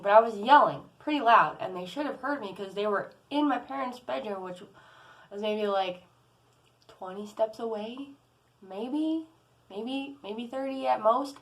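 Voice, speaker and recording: A woman's voice: medium pitch, poor audio. A young adult woman vlogging, telling a personal story in a casual, rambling way, with many fillers and restarts. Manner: rambling, lots of "like" and "um", restarts often.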